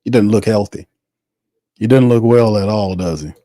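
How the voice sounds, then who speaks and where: A man's voice: on the low side, moderate pace, dark tone, no room sound, clean studio sound. A man hosting a live football watch party, calling the plays, reading viewer messages and trash-talking. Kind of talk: live play-by-play and chat reading.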